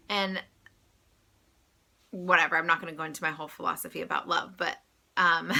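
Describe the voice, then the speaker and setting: A woman's voice: lowish voice, vocal fry, pushed and bright. A woman in her thirties, a tarot vlogger, talking casually and emotionally, with many fillers. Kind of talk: casual vlog monologue.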